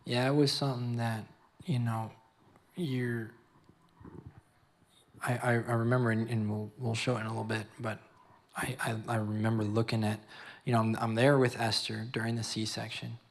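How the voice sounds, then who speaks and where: A young man shares his testimony at a youth service. His pitch sits mid-range, and he keeps stopping, repeating words and drifting into preaching. His speech is personal and full of feeling. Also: level tone, moderate pace. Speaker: father giving testimony.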